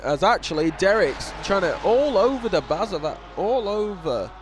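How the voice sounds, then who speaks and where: A man's voice: sits high, big pitch swings, moderate pace, noisy background. A young man with a northern English accent giving casual, rambling commentary on a sim racing series, with self-deprecating asides. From northern England. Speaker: race commentator.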